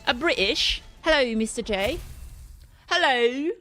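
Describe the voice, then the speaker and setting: A woman's voice: on the high side, expressive, normal speed, fairly bright tone, faint music behind. A woman livestreaming a game, chatting with her viewers in a bubbly, playful and self-mocking way. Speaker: streamer. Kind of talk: casual gaming livestream chat.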